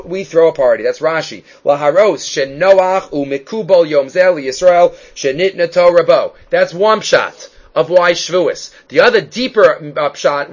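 A man teaching a Talmud class as a rabbi, lecturing emphatically, his voice jumping up and dropping down to stress points. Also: on the high side. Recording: dull lo-fi recording.

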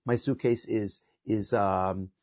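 A man voicing a frustrated traveler who calls loudly to a porter in a story. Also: lowish voice, steady tone, takes it slowly, muffled recording, voice pushed down. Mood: explaining. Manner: calls out loudly, then explains.

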